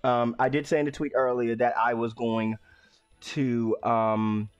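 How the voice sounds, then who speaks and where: A man casually streaming a game, rambling and restarting his sentences, sometimes bursting into loud exclamations. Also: mid-range voice, flat delivery, unhurried, clean tone, lo-fi sound, soft background music. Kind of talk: casual let's-play commentary.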